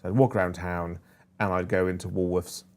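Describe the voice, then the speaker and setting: Low-voiced man, eager podcast chat. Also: flat delivery, fairly quick. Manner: enthusiastic, nostalgic storytelling. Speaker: co-host.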